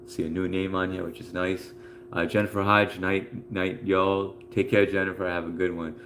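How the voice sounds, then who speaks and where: A man's voice: sits low, little pitch movement, moderate pace, a bit bright, a little hiss or hum. A man hosting a casual live stream from home, reading out viewer comments in a laid-back, chatty way with plenty of fillers.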